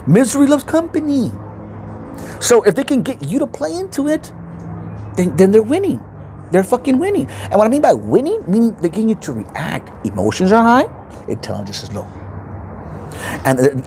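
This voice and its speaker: A man's voice: on the high side, huge pitch swings, moderate pace, long pauses, a little mellow, a little hiss or hum, rough recording. A man hosting his own self-help channel, giving an intense, unscripted motivational talk in which he repeats points and swears freely.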